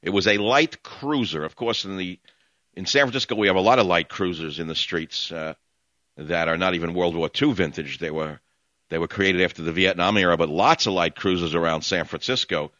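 A man's voice: sits low, fairly quick, a bit bright, dry recording, muffled recording. A man with a New York accent hosting call-in talk radio, ranting in a brash, sardonic, rambling way.

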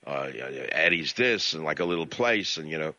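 A male talk radio host rants bluntly and sarcastically through a solo monologue. His voice is very bright and forward, close and dry, with a studio mic and a somewhat dull, lo-fi broadcast sound. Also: a bass voice, lively intonation, normal speed, dry recording.

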